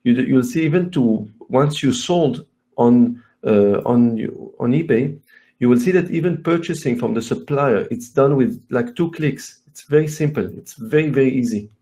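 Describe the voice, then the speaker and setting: A man's voice: mid-range voice, moderate pace, dark tone. A man with a Belgian accent, speaking as the guest expert on a webinar, earnest and repetitive with many fillers. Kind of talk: webinar talk.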